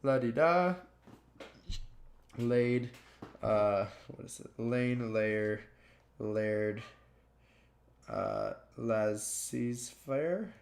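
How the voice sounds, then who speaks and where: A man slowly reading dictionary words aloud one by one, stumbling and restarting now and then. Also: mid-range voice, big pitch swings, vocal fry. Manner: slow, plodding word-by-word reading with stumbles. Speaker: gaming youtuber.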